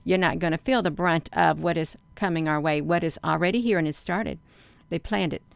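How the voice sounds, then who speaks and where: A woman with a lowish, creaky yet clear and resonant voice talks briskly, with no echo. As a livestream host she speaks urgently and emphatically, answering viewer comments as they come in and calling her audience "you all".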